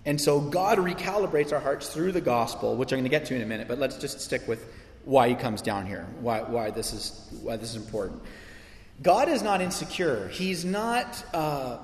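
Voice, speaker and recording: A man preaching a sermon as pastor, animated and conversational, with frequent asides to his listeners. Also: on the high side, moderate pace. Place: church sanctuary. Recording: echoey church hall.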